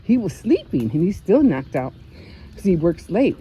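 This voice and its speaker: A woman's voice: fairly low pitch, big pitch swings, moderate pace, dark tone, a little hiss or hum. An older woman chatting casually in a vlog, telling stories with frequent laughs and restarts. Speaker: vlogger. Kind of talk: casual chat.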